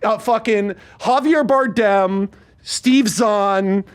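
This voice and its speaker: Brief: rapid-fire, cursing male podcast host pitching a movie idea, bit high-voiced. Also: clear, resonant tone. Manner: animated, rapid, profane. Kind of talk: casual storytelling chat.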